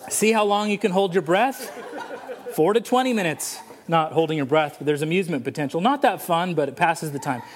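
A male pastor preaching a sermon in a church, mixing storytelling and humor. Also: sits high. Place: church sanctuary.

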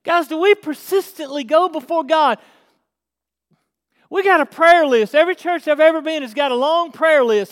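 A man preaching a sermon, asking rhetorical questions and acting out the lines of the people in his story. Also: very high voice. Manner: animated, acts out dialogue, rhetorical questions. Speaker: pastor. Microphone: filmed on camera. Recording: long hall reverb.

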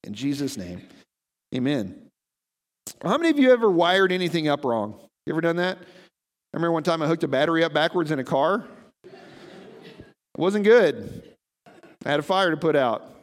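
A man's voice: fairly high pitch, lively intonation, moderate pace, pauses often. A man preaching a sermon to his congregation, conversational, often asking them questions. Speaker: pastor. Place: church sanctuary. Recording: reverberant hall.

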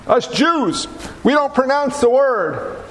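A man preaching a lively sermon, joking and asking the congregation questions. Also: very high voice, slow pace. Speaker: pastor. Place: church hall. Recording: echoey hall with faint noise.

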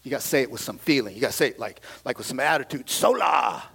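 A middle-aged man preaching a sermon, animated, with casual slang and shouts of hallelujah, swinging between loud passages and quiet asides. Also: mid-range voice, very fast, slightly rough. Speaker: pastor.

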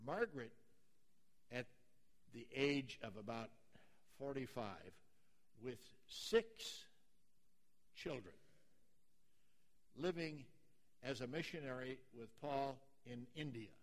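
A pastor preaching a sermon, moving from quiet storytelling to emphatic, passionate preaching. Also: male voice, mid-range voice, animated, takes it slowly, pauses often.

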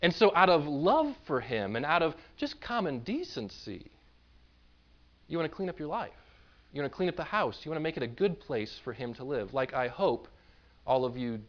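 A man's voice: fairly high pitch, very animated, moderate pace, muffled recording. A man preaching a sermon in a conversational way, now and then acting out the voices of the people he describes. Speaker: pastor.

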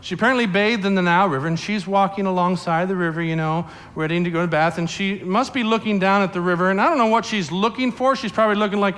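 A man preaching a sermon in a church sanctuary, animated and storytelling, often speaking directly to the children. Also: high-pitched, fairly quick. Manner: animated storyteller acting out voices, addressing kids. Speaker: pastor. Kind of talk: sermon to a family congregation.

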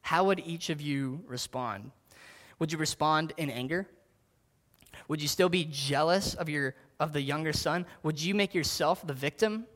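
A man's voice: a little high, moderate pace, a bit bright. A man preaching casually, often saying "like" and asking his listeners direct questions. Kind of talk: sermon.

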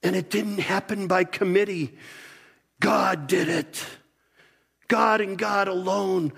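A pastor preaching a sermon in an animated, conversational way, often restarting his sentences. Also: high-pitched, slow pace, gravelly, long pauses, breathy edge, long reverb tail.

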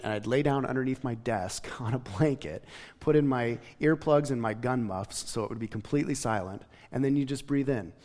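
A male pastor delivers a casual, conversational sermon, his medium-pitched voice dropping to near-whispers and then rising for emphasis. The sound rings with the long reverb of a large church hall. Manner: conversational preaching, shifting from soft to emphatic.

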